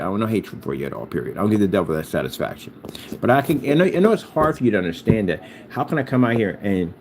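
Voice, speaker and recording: Poor audio with slight background noise captures a man's medium-pitched, mellow voice. In a rambling, casual vlog from the workshop of his small business, he taunts his critics, mocking haters in a sing-song way.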